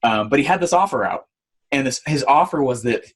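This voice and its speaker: A man giving an online marketing training, telling stories in an animated way with lots of fillers. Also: medium pitch, a little fast, breathy edge. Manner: animated storytelling with many fillers.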